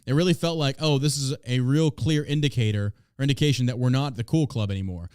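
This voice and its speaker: A man's voice: mid-range voice, fast, darkish tone, clean tone, no room sound, studio quality. A man hosting a podcast, reading news aloud and ranting about it in a blunt, profane, way. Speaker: podcast host. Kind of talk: casual podcast commentary.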